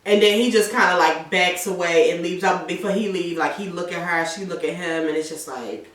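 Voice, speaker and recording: A woman's voice: lowish voice, fairly even intonation, brisk, fairly bright tone, roomy sound, far from the mic. A woman casually recapping a TV episode with a co-host. She swears freely and acts out the characters' lines. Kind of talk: casual profane chat.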